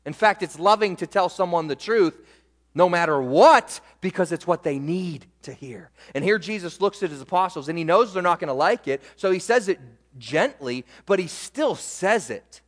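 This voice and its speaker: Man preaching, high voice, lively rise and fall, long hall echo. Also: normal speed. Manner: animated preaching, rising and falling with emphasis. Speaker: pastor. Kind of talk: sermon. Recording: echoey hall reverb.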